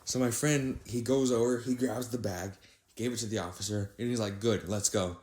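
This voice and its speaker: A man's voice: on the low side, a little fast. Young man telling a storytime, echoey room. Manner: animated, rises sharply when quoting himself in disbelief. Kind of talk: casual storytime narration.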